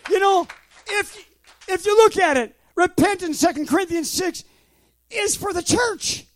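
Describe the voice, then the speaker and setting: Very high-voiced fervent preacher man in his 60s. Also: measured pace, dry recording, clean studio sound. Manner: shouting, fervent, with sudden loud bursts and laughs. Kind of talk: sermon.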